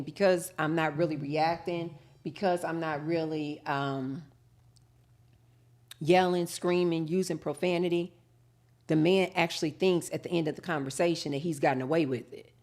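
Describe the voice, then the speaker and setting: A woman's voice: sits low, darkish tone. A woman hosting a live talk show, telling her dating stories and acting out both sides of each conversation. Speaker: host.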